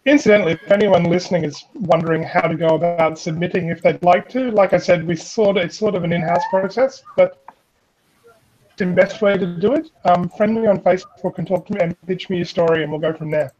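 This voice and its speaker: A man's voice: high-pitched, a little fast, a little mellow, dull audio. A man hosting and editing, hesitantly explaining how to submit stories in a casual panel chat. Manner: hesitant, with repeated restarts. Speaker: host and editor.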